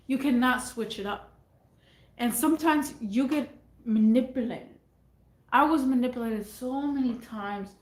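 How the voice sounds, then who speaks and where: A woman's voice: fairly high pitch, unhurried. A woman vlogger talking casually to her viewers in a rambling way, often repeating her phrases. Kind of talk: casual talk to camera. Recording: echoey room.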